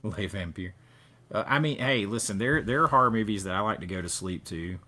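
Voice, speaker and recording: A man hosts a casual livestream, chatting loosely between reading product blurbs. His voice is bright and forceful, pitched a little low. He rambles with restarts and asides. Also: animated, a little fast. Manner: chatty, reads blurbs aloud in a mock news-anchor voice. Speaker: host.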